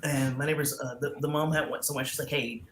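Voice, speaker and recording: A woman chatting casually on a stream, from the American South, an animated storyteller with loud laughs, currently sick. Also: very deep voice, fast talker. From Southern United States. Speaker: co-host. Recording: roomy echo, faint background noise.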